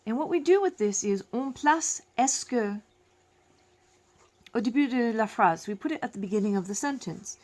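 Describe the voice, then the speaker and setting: A woman teaching a French lesson, explaining slowly and repeating each phrase in both languages, with self-deprecating asides. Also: a little high, animated, darkish tone. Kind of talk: classroom lesson.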